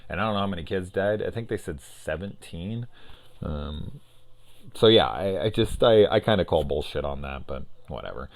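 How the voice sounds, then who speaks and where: Deep-voiced man ranting about a film. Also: lively intonation, gravelly. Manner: loose, profane, acts out scenes in quick voices. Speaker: horror film reviewer. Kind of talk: casual film review chat.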